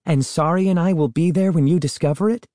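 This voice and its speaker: A man's voice: mid-range voice, takes it slowly, no echo, clean studio sound, voice pushed up, natural voice. A man voicing an eager, curious young boy full of questions. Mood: excited. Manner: eager, excited. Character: excited curious boy narrator-hero.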